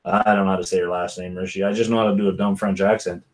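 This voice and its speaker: A man's voice: low-pitched, level tone, very fast, a little mellow. A man hosting a casual whisky live stream, rambling and chatting with viewers by name. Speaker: livestream host.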